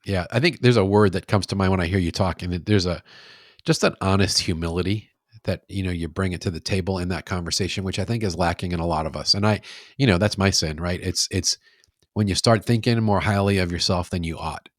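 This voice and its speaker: A middle-aged man speaking as a podcast guest, reflective and measured, often restarting his sentences. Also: low-pitched, no echo, clean studio sound. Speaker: guest, sales author. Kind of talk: casual conversational interview.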